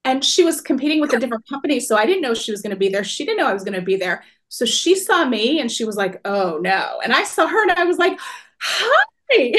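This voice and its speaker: A woman in her forties telling a personal story to a workshop audience in an animated, expressive way. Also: sits high, quick pace, few pauses. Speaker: workshop speaker.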